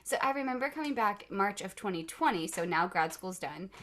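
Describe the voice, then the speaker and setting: A woman hosting a podcast in casual chat, bubbly and quick to laugh, speaking into a microphone on a boom stand. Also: animated, fairly bright tone. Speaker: podcast host, music educator.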